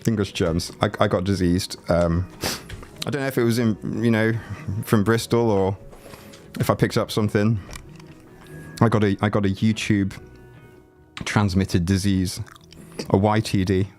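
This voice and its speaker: A man's voice: lowish voice, steady tone, a little slow, a little mellow, soft background music. A man livestreaming from home with a chest cold that leaves his voice rattly, chatting and joking with his viewers in a loose, rambling way. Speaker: livestreaming YouTuber. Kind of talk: casual livestream chat. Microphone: desk mic, no headphones.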